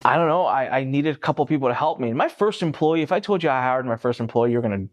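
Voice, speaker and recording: A man in his forties tells a story in a casual, animated way, with an everyday mid-range voice. He swears freely and slips into other people's voices as he goes. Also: mid-range voice, fast talker. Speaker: guest, entrepreneur.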